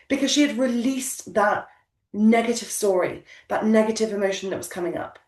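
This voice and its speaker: A woman coaching business owners, talking in an emphatic, motivational way and repeating her key lines. Her voice sits at a middle pitch. The room is echoey, and she sounds a little away from the mic. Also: moderate pace, recorded from a distance. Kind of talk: coaching session talk.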